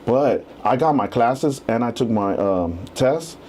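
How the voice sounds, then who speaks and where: A man in his thirties, a real estate agent and podcast guest, telling his story in a casual, animated way and acting out the quotes. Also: medium pitch, unhurried, a little hiss or hum.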